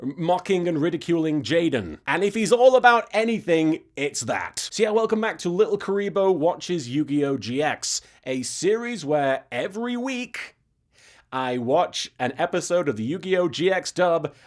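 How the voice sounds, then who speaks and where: A man's voice: a little high, big pitch swings, moderate pace. A young British man hosting a comedic episode recap, rambling in a sarcastic, mock-serious way. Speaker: web series host. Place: standing in front of a green screen.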